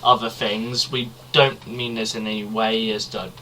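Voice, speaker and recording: A man's voice: lowish voice, level tone, measured pace, a loud crowd. A young man co-hosting a casual podcast, rambling and chatty, swearing loosely. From Britain. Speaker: podcast co-host. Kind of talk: casual chat.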